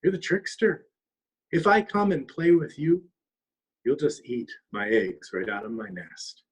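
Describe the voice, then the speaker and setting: A man's voice: a little high, big pitch swings, a little slow, slightly rough, heavily acted. A man voicing a smart, cautious mother bluebird who answers politely but firmly, slightly raised from his own voice.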